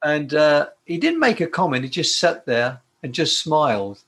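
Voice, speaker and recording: An older man from the United Kingdom tells stories about his career as a guitarist. His voice sits slightly high for a man, and he talks in a warm, rambling way, often stopping to restart a sentence. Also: very animated, normal speed, breathy edge. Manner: warm, chatty, with frequent restarts. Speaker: guitarist and performer, interview guest. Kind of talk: casual anecdotal storytelling.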